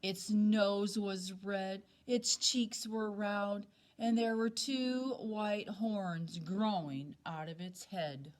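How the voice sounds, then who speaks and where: A woman teacher reads a children's picture book aloud at a slow, unhurried pace. Her delivery is expressive and dramatic, building up the suspense in the story. Her pitch sits mid-range. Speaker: second-grade teacher.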